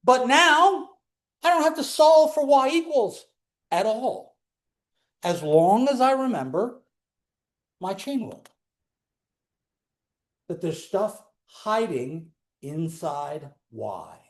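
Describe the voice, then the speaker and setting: High-voiced man lecturing a class. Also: takes it slowly, long pauses. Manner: animated, talks students through steps with questions. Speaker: calculus lecturer.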